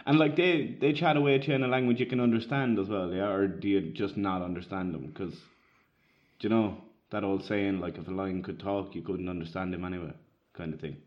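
Rambling young Irish man, lowish voice. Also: steady tone, brisk. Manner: rambling, filler-heavy, easily amused. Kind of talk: casual chat. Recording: dull lo-fi recording.

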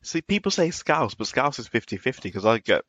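A man's voice: medium pitch, big pitch swings, fairly quick, fairly bright tone, no room sound, lo-fi sound. A man from Birmingham with a light Birmingham accent, co-hosting a podcast in casual chat and laughing easily. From Birmingham, England. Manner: chatty, laughs easily, restarts sentences. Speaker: podcast co-host.

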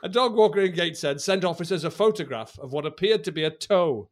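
A man's voice: high-pitched, expressive, fast. A man co-hosting a comedy podcast, chatting casually, teasing the others and laughing often. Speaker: podcast co-host.

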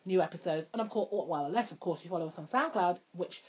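Chatty, husky-voiced woman podcast host. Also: on the low side, fast talker. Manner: chatty, laughs often, swears casually. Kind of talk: casual chat. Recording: dull lo-fi podcast recording.

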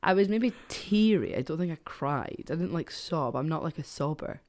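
A woman chatting on a podcast while losing her voice to a chesty cough. She is frank and quick to laugh, filling her talk with likes and ums. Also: low-pitched, lively intonation, a little mellow. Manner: frank, laughing, lots of fillers. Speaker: podcast co-host. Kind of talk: casual chat.

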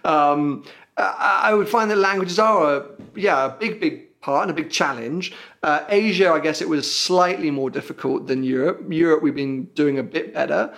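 A young British man with a British accent and a slightly higher voice that is full of fry and gravel. He hosts a podcast in a loose, self-deprecating way and wanders a bit with lots of ums and uhs. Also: normal speed, fairly bright tone. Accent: British English. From Britain. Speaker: podcast host. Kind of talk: casual podcast chat.

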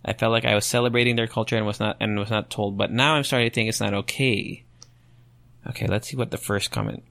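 A young man hosting a solo podcast, thinking out loud and rambling through rhetorical questions as he reads online comments. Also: fairly low pitch, steady tone, fast talker, creaky, no room sound. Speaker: podcast host.

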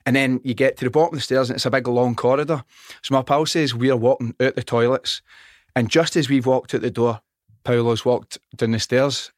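A middle-aged Scottish man chatting on a podcast, telling an animated, sweary story and acting out the dialogue. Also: medium pitch, brisk, dry recording, studio quality. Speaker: podcast guest. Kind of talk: casual chat. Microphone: studio microphone.

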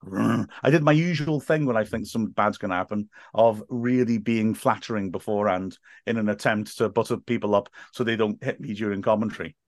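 A man who works as a football commentator, telling stories as a podcast guest in lively, laugh-filled casual chat. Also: fairly low pitch, fairly quick, hardly any pauses, no room sound, clean studio sound. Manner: animated storyteller, laughs often, acts out quotes.

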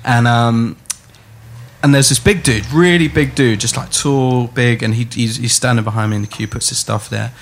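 A man's voice: mid-range voice, moderate pace, slight background noise. A man telling a story in a casual chat, acting out the voices of the people in it. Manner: animated storyteller, acts out voices.

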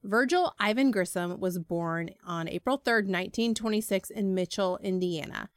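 A woman's voice: mid-range voice, moderate pace, dry recording. Woman, podcast host, chatty and casual, dry close sound. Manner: chatty, conversational, with filler words. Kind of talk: casual history podcast narration.

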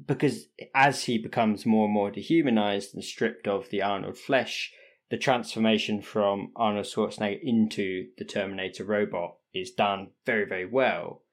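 A man co-hosting a podcast interview, talking in an enthusiastic, relaxed way. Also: lowish voice, moderate pace. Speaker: podcast co-host.

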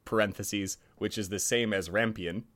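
A man's voice: on the low side, normal speed. A man co-hosting a podcast, reading a fairy tale aloud and joking between passages with frequent laughs. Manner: animated, laughs often.

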